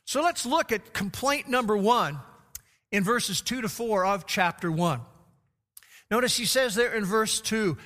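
A middle-aged man preaching a sermon, his voice swelling on quoted scripture and dropping low on grim facts. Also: sing-song, unhurried, bright, forceful tone. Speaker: pastor. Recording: long hall reverb.

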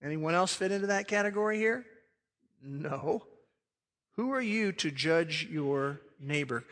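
High bright-voiced preacher in a hall. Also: male voice, expressive, measured pace. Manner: emphatic preaching, swelling loud then dropping quiet. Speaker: pastor. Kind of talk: sermon.

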